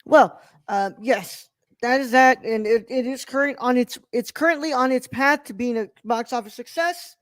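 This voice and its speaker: A man's voice: extremely high pitch, moderate pace, fairly bright tone, no room sound. A man hosting a casual film review podcast, rambling with many fillers and restarts, recorded close and dry. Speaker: podcast host.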